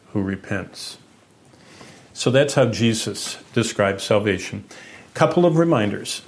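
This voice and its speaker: The pastor's sermon comes across as sincere instruction, with his voice climbing and dropping and growing louder and softer in a lively manner.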